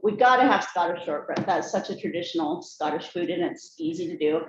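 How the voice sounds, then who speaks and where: A woman's voice: lowish voice, expressive, brisk. A woman giving a cheerful, folksy speech to a group about her family traditions. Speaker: speaker giving a family talk. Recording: echoey room, slightly dull sound, faint noise.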